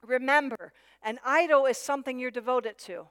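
A woman's voice: sits high, normal speed, fairly bright tone, clean tone. A woman preaching a sermon with emphasis, repeating her key phrases. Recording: long hall reverb.

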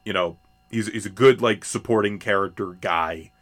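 A man's voice: fairly low pitch, moderate pace, a bit bright. A man co-hosting a podcast, chatting casually about movies in a rambling way, full of fillers and restarts. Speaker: podcast co-host.

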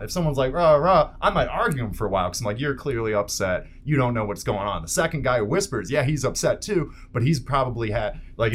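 A man in casual chat, bluntly telling stories with plenty of swearing and acting out what people said. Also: medium pitch. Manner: blunt, profane storyteller who acts out quotes.

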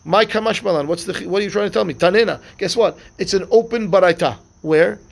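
A man's voice: high-pitched, fast, vocal fry. A man, a rabbi, teaching a live Talmud class, explaining step by step, asking questions and answering them himself, mixing Hebrew and Aramaic terms into his English.

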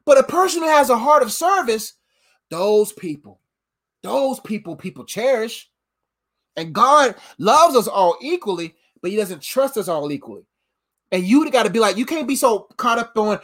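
A preacher giving a loose, casual sermon, talking in animated street slang and breaking into laughter often. The voice sounds tired after a long week but keeps pushing the energy up and down. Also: mid-range voice, moderate pace. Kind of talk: informal sermon.

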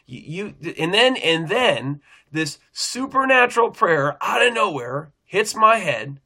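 A man's voice: high voice, big pitch swings, unhurried, few pauses, pushed and bright. A middle-aged man, a pastor, telling a personal faith testimony in an earnest, rambling way, often restarting his sentences.

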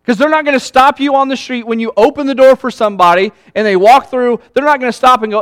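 A man preaching a sermon as pastor in a conversational, animated way, often acting out quoted lines. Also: extremely high pitch, fast talker, hardly any pauses, clear, resonant tone, no echo.

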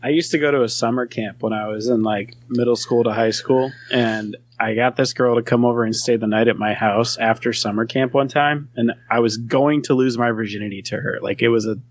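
Male storyteller, husky, rambling anecdote style. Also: medium pitch, steady tone, brisk, hardly any pauses. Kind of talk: casual storytelling.

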